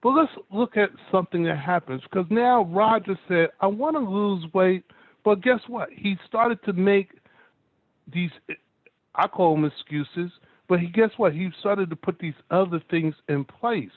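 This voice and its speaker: High-voiced man with a tinny, dry sound. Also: measured pace, no room sound. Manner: emphatic, repeats "guess what", tells stories. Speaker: motivational speaker. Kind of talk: motivational talk to an online audience. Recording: dry, narrow phone-like sound.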